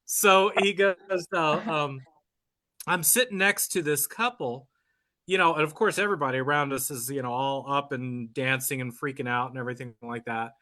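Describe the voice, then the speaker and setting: A man's voice: medium pitch, moderate pace. A man telling a funny story in casual chat on a live video call, laughing as he acts out other people. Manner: animated, laughs often, acts out other voices. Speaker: cousin of the musician, group guest.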